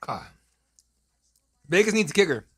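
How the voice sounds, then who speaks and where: A man in his thirties hosts a live draft-night stream from his home setup, talking into a desk mic. His voice sits a little higher than most men's. He banters with the chat in a loose, profane, joking way. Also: sing-song, moderate pace, a bit bright, husky. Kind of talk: casual live-stream commentary.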